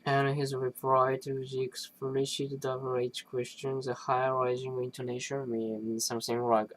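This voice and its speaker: A speaker reading an academic linguistics text aloud, stumbling and restarting phrases and clearing their throat between passages. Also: mid-range voice, little pitch movement, rough recording. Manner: halting, with restarts and self-corrections.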